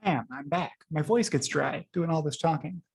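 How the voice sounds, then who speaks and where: A chatty man with a fairly high voice talks through tweets he liked in loose, rambling commentary. He fills his sentences with frequent "uh"s and restarts. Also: moderate pace, vocal fry, husky. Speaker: host reviewing liked tweets. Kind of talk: casual screen-share commentary.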